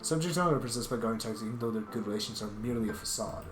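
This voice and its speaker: Reading a visual novel aloud, a man with a medium-pitched voice races through the lines, lightly acting as a devoted male tiger guardian spirit who speaks formally, tenderly, and earnestly. The recording has a roomy echo with guitar music.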